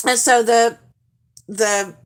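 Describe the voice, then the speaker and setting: Slow, rambling woman host. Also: on the high side, fairly even intonation. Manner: rambling, chatty, full of fillers; mimics people in quoted voices. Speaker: live-stream host. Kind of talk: casual chat.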